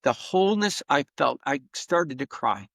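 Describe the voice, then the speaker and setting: A man's voice: mid-range voice, a little slow, gravelly, no room sound. A middle-aged man, a podcast guest, telling a personal story earnestly and with feeling, acting out the quotes. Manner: earnest, emotional, animated retelling with acted-out quotes.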